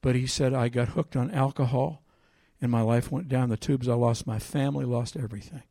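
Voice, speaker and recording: A man preaching a sermon, reading scripture aloud with loud emphasis and telling a personal story in a quieter voice. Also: medium pitch, fairly even intonation, brisk, dry recording, clean studio sound.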